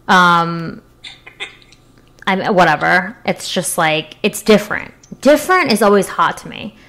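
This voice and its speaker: Young female co-host, loose filler-heavy banter, slightly low voice. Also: lively intonation, measured pace, a bit bright. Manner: chatty, filler-heavy, frank and joking. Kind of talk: casual crude chat.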